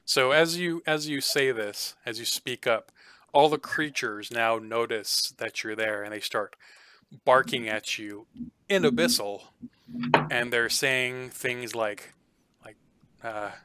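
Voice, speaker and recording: A man narrating a tabletop game as game master, halting with many fillers and restarts. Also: mid-range voice, sharp tone, slight background noise.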